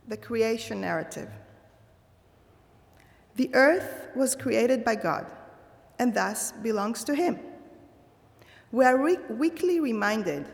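A woman giving a slow, measured and thoughtful holiday sermon. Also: a little high, creaky, big-room sound. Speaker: religious speaker.

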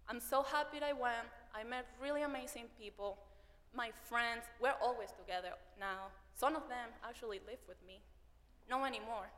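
A young Venezuelan woman, a native Spanish speaker with a Venezuelan accent, tells her story as a university student, animatedly acting out what people said to her. Her voice is on the high side at a normal speed, and a long hall reverb surrounds it.

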